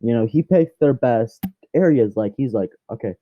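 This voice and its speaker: A man's voice: medium pitch, lively intonation, moderate pace, phone-quality sound, faint music behind. A man rambling through a casual fan story, chatty and often correcting himself.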